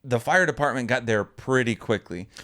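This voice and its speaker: Young guy, podcast co-host, casual storyteller, smooth clear voice, lively when quoting. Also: medium pitch, moderate pace. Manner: animated, acts out quotes in a raised voice.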